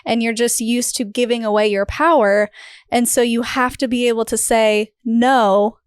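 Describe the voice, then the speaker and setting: A woman's voice: on the high side, fairly even intonation, normal speed, smooth, dry recording, studio quality. A woman hosting a podcast interview, speaking in an affirming, encouraging way and giving many short replies of agreement. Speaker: podcast host. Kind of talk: supportive interview conversation.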